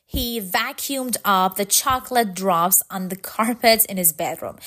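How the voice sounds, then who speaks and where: A woman reading a children's storybook aloud, clear and expressive. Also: medium pitch.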